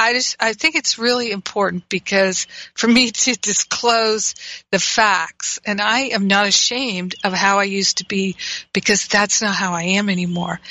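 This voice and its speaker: A woman's voice: medium pitch, sharp tone, no echo. A middle-aged woman, a spiritual teacher and host, telling a personal story in an earnest, frank and reflective way. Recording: dry, slightly dull sound.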